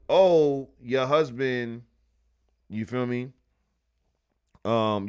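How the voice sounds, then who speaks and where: A man hosting a casual livestream, reading old newspaper clippings aloud and retelling stories in loose, profane slang. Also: on the low side. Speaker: livestream host.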